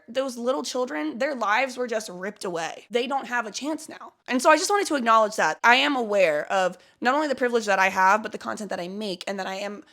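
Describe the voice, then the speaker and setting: Woman spiritual vlogger, higher voice, rambling heartfelt monologue full of fillers. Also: creaky, bright, forceful tone. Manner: rambling, heavy use of "like", searching for words. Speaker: spiritual content creator. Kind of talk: casual confessional vlog monologue.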